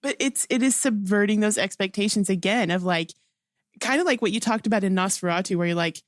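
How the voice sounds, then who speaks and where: A woman's voice: mid-range voice, lively intonation, brisk, no room sound, clean studio sound. A woman co-hosting a movie review podcast, talking thoughtfully and reasoning through characters' perspectives. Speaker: podcast co-host. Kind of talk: casual movie review chat.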